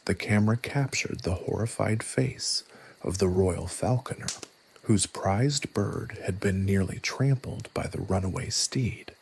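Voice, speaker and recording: A man narrating a scripted story in a soft, hushed, evenly paced reading voice. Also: sits low, measured pace, vocal fry, a little hiss or hum.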